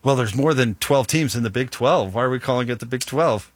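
A man hosting a sports talk show, lively and joking, throwing questions to his co-hosts. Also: mid-range voice, a little fast, a little hiss or hum. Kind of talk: casual sports radio banter.

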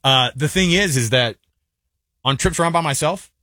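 A married man co-hosting a casual chat show, talking quickly in a joking way with lots of fillers. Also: a little high, bright, forceful tone, no room sound, studio quality. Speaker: co-host.

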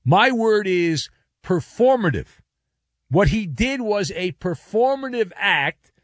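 A man hosts a sports talk segment in a casual, sarcastic monologue. His fairly high voice leaps up and down as he mocks and acts out the people he talks about. The sound is dry and close, with no room echo. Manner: animated, sarcastic, acts out quoted exchanges.

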